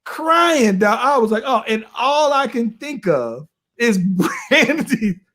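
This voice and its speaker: A man's voice: extremely high pitch, measured pace. Slangy storytelling man in his late 30s. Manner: animated, slangy, peppers lines with "bro" and "right?". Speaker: podcast co-host. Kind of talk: casual storytelling chat.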